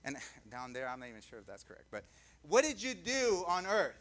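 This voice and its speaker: A man's voice: a little high, wildly swooping pitch, a little fast, fairly bright tone. A male pastor preaching a conversational sermon, often asking the congregation questions and drawing out key words for emphasis.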